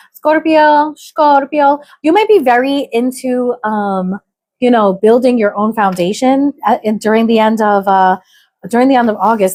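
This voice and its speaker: A woman's voice: fairly high pitch, a little mellow. Chatty American woman reading tarot. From United States. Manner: chatty, musing, thinks aloud with fillers. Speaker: tarot reader.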